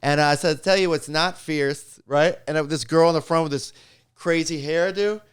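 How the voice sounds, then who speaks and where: A middle-aged man, a stand-up comic, telling animated stories in a casual chat and acting out the voices in them. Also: on the high side, normal speed, clean tone.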